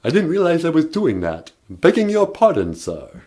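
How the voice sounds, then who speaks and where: A man's voice: on the high side, huge pitch swings, normal speed, darkish tone, voice pushed up. A man voicing a courtly vampire count with a put-on Transylvanian accent and stagey laughter. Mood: grandly polite. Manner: grand, stagey, bursts of "ah, ah, ah" laughter. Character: theatrical counting vampire, male, adult, courtly.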